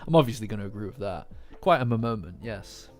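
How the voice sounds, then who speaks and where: A man's voice: fairly low pitch, lively intonation, a little fast, darkish tone, faint music behind. A man streaming a casual chat, rambling and joking at his own expense. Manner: rambling, self-mocking, joking.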